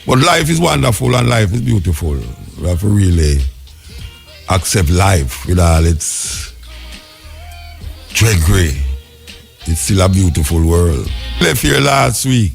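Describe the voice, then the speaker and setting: A Jamaican man hosting a radio talk show, musing in patois-laced commentary, his pitch jumping up when he is incredulous. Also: creaky. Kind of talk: spoken commentary.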